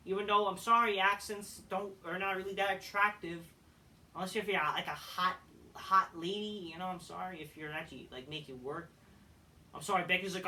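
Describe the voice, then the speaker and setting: Man ranting about wrestling, profane, blunt, restarts, high sharp voice, distant mic. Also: a little fast. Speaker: wrestling show reviewer. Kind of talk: ranting commentary.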